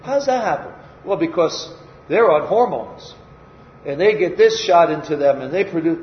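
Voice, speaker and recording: A man's voice: a little high, expressive, normal speed, slight background noise. An older man preaching a sermon in a folksy, conversational way, asking his congregation questions and answering them himself. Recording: echoey room, slightly dull sound.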